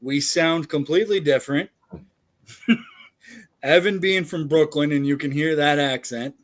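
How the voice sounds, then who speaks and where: A man from upstate New York hosting a wrestling podcast, friendly and quick to laugh as he leads the chat. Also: on the high side. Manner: friendly, laughs easily, asks leading questions. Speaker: podcast host. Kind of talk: casual interview chat.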